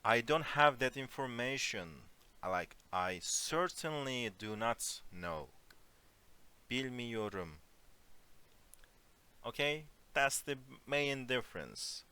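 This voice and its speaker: A man teaching an online Turkish lesson in English, explaining phrases slowly and giving spoken examples. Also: mid-range voice, lively intonation, pushed and bright, clean tone. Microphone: computer mic on a voice call.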